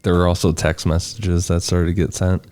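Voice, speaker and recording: Brief: male podcast co-host, casual storyteller, deep and dark. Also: little pitch movement, normal speed. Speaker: podcast co-host presenting the case.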